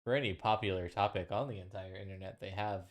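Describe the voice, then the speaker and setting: A man co-hosting a podcast in casual chat, hesitant and halting, often restarting his sentences. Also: low voice, fairly even intonation. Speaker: podcast co-host.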